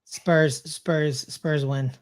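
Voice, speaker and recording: A man's voice: fairly high pitch, steady tone, drawn-out words. A man guesting on a football podcast, talking casually with playful slang. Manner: playful, slangy, laughs easily. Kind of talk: casual sports chat.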